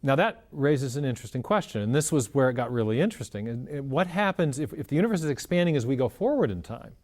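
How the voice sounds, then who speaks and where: A man's voice: mid-range voice, lively intonation, quick pace, a little mellow. A man in an interview, explaining ideas step by step in an earnest, conversational way. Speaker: interview guest explaining science.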